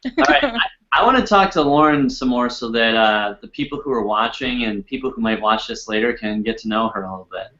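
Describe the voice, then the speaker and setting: A man's voice: mid-range voice, expressive, a little fast, pushed and bright, lo-fi sound. A man hosting a casual livestream, upbeat, asking guests rambling questions. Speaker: host.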